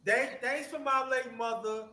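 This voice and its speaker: A man's voice: very high-pitched, steady tone, unhurried, roomy sound, a crowd in the background. A man from Brooklyn with a strong New York accent, chatting animatedly on an open panel and laughing often. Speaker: panel participant. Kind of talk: casual chat.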